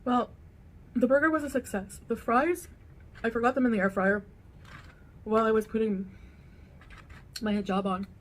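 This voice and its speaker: A woman's voice: a little high, moderate pace, pauses often. Chatty woman eating on camera. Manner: chatty and relaxed, talking between bites. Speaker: mukbang video creator. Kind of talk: casual chat while eating on camera.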